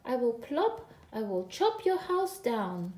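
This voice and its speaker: A woman puts on a tiny wolf cub who never stops whining, his voice shrill and wailing as it swoops high. The storybook reading sounds slow and drawn out in an echoey room. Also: very animated, a little mellow. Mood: shouting. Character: whiny little wolf cub brother, hungry and moaning.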